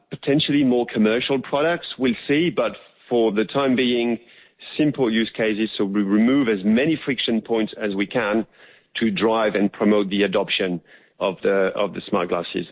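A man with a French accent, a guest on a phone interview, earnestly pitching a product with plenty of fillers. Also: normal speed. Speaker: tech company guest. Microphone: phone line. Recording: tinny phone line.

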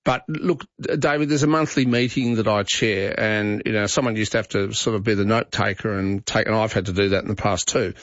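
A man's voice: lowish voice, fairly even intonation, a little fast, few pauses, no echo. A middle-aged Australian man hosting talkback radio, chatting in a rambling way with restarts. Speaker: radio host. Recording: dry, slightly dull studio sound.

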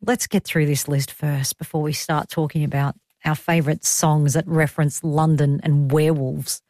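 A woman's voice: deep voice, little pitch movement, normal speed, dark tone, no room sound, studio quality. A middle-aged woman with an Australian accent hosting a radio show in casual, rambling chat that breaks into easy laughs. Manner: chatty, rambling, laughs easily. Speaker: radio host. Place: radio studio.

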